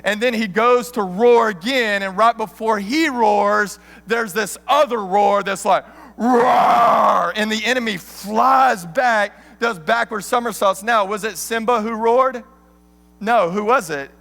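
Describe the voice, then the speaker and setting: Fun storytelling preacher guy, high bright voice, long church hall echo. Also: a little slow, creaky. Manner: animated, joking storyteller. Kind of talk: sermon.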